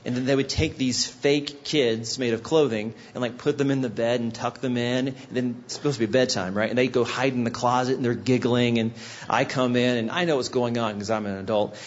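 A man's voice: mid-range voice, fairly even intonation, brisk, dull audio. A middle-aged man, a guest pastor, preaching a sermon. He explains scripture and tells stories, acting out the people in them. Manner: explanatory, storytelling with voiced asides.

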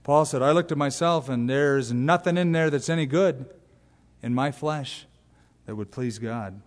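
A man preaching an expository sermon as pastor, animated and acting out little voices. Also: medium pitch, unhurried, big-room sound. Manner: animated, acts out voices and exaggerated asides. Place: large church sanctuary.

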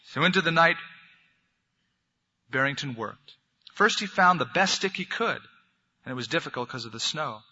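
A pastor tells a story to his congregation, then leads them in prayer. His voice is bright and piercing, and the recording sounds dull and lo-fi. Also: a little high, expressive, moderate pace, pauses often, husky. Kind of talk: sermon storytelling.

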